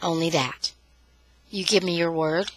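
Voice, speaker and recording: A woman voicing an angry young man who speaks in a harsh, low, clipped way to his sister. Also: steady tone, unhurried, dry recording, poor audio. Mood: tense. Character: young man, hot-tempered, harsh brother.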